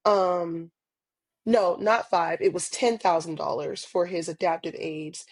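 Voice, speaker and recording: A woman's voice: lowish voice, measured pace, no room sound. A woman guest on a podcast interview, talking casually and earnestly with lots of ums and small laughs. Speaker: podcast guest, parent advocate.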